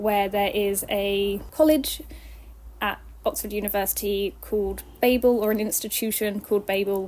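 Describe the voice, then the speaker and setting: A woman's voice: mid-range voice, a little mellow. A young woman chatting through book reviews to camera, earnest and enthusiastic, with frequent ums.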